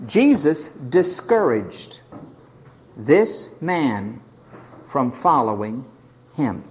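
A man preaching a sermon in an animated, dramatic way, acting out the scenes as he tells them. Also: mid-range voice, drawn-out words, slight background noise.

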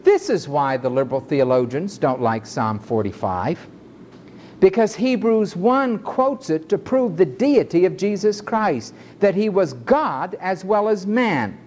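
A male preacher delivering an emphatic sermon in a measured cadence, stretching his phrases out. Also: high voice, expressive, darkish tone, a little hiss or hum.

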